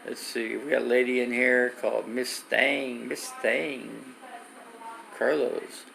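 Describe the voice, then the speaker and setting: Gravelly man rambling on a phone stream. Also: mid-range voice, little pitch movement, slow pace, fairly bright tone, slight background noise, poor audio. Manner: rambling storyteller with restarts, reads viewer comments. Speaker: live streamer. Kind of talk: casual rambling live stream chat.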